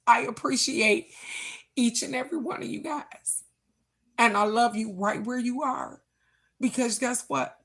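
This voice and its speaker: Woman card reader, slow and deliberate delivery, earnest and affirming, talking straight to her viewers. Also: medium pitch, creaky. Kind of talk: reflective spiritual talk to viewers.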